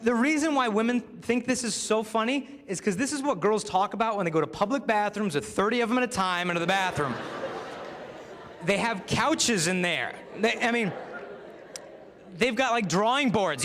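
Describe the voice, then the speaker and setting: A lively young man speaks to a crowd, slipping into comic voices as he tells his stories. His voice sits a little high for a man and rings with long reverb from a big hall. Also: moderate pace. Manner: animated, acts out voices for comic effect. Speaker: youth speaker. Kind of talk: humorous inspirational talk. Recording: echoey hall.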